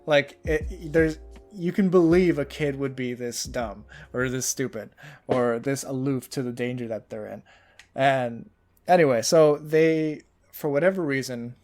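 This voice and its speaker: A man's voice: medium pitch, measured pace, a little mellow, soft background music. A man co-hosting a casual podcast chat who rambles enthusiastically and fills his talk with "like" and "you know". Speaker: podcast co-host.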